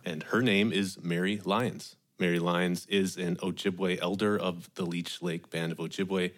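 Deep-voiced friendly male radio host. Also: flat delivery, unhurried. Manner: friendly, conversational with fillers. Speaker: podcast co-host. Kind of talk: casual radio chat.

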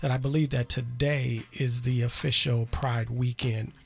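A male radio host with a gravelly, husky voice, chatting loosely and circling back as he tells a story. He keeps it conversational and asks listeners to call in. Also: mid-range voice, level tone, moderate pace, faint music behind. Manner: chatty storyteller, many restarts.

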